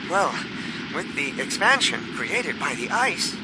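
A man's voice: a little high, sing-song, a little slow, very noisy, pitched above the performer's own voice. A man doing an earnest young explainer. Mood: explaining. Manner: hesitant, explanatory. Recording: music clearly behind.

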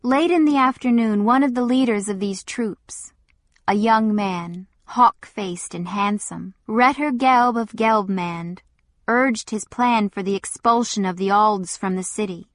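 A woman narrating a novel in a measured, deliberate first-person reading. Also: medium pitch, no echo, studio quality. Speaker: audiobook narrator. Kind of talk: scripted narration.

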